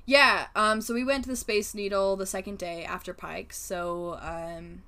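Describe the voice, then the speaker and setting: A woman's voice: medium pitch, fairly even intonation, a little slow, sharp tone. A young adult woman co-hosting a podcast, telling a chatty story with lots of laughs and swearing. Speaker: podcast co-host. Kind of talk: casual chat.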